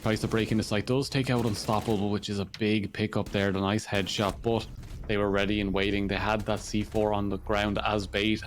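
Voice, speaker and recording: Low-voiced Irish esports caster. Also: male voice, flat delivery, a little hiss or hum. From Ireland. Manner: brisk, dry and joking. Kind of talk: play-by-play commentary.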